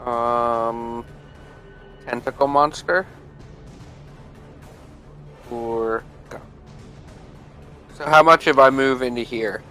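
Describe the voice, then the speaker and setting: A man playing in a tabletop game, speaking slowly and deliberately. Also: mid-range voice, steady tone, pushed and bright, soft background music. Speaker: player.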